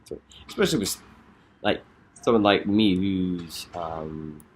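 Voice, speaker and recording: Very low-voiced, hesitant young man. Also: measured pace, slightly rough. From Scotland. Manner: rambling, hesitant, many fillers. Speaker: dance artist vlogger. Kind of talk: casual vlog. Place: London.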